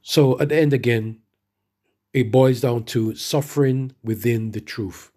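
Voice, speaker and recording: In this sermon, a man first reads scripture verses slowly, then preaches with rising emphasis. His voice is mid-range and mellow.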